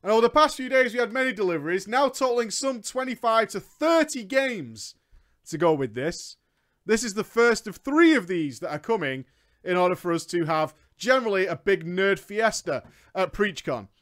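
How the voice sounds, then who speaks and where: A young man talking casually on a live stream, excitable and swearing freely, ranting in bursts. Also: sits high, normal speed.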